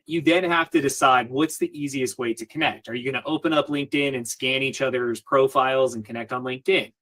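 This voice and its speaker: A man's voice: medium pitch, a bit bright. A man as an interview guest, giving advice in a confident coaching manner and repeating his key points.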